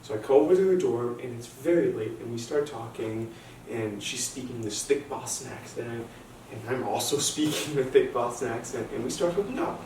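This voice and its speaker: A young man telling a stand-up story with animated, nervous repetitions and restarts. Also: medium pitch, normal speed. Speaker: stand-up comedian. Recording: echoey room, distant mic, faint noise.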